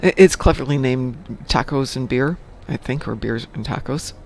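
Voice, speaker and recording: A man's voice: medium pitch, normal speed, slight background noise. A man in his sixties casually chatting on a live stream, reading the chat aloud and telling dad jokes. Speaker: stream co-host.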